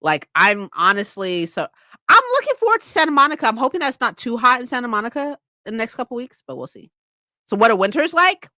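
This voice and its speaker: A young woman from California chats casually and swears as she goes. Her voice sits high and swings up and down in lively jumps, with a bright, sharp edge. The sound is close and dry. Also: quick pace, dry recording. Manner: chatty, swearing, laughing a lot. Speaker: streamer. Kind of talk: casual chat.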